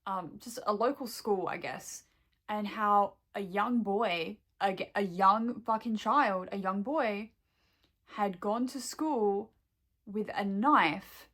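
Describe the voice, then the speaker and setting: A woman's voice: medium pitch, slow pace, fairly bright tone. A woman venting to camera in a rambling, upset way, full of fillers and swearing. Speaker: vlogger. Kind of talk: casual emotional vent to camera.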